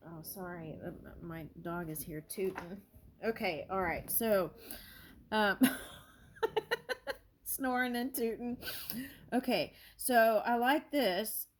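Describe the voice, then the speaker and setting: Excitable, scattered woman tarot reader. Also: takes it slowly, long pauses, slight background noise. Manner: scattered and excitable, apologizing and backing up; bursts of high-pitched amazement. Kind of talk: casual spiritual reading with read-aloud prayers. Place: home with her dog nearby.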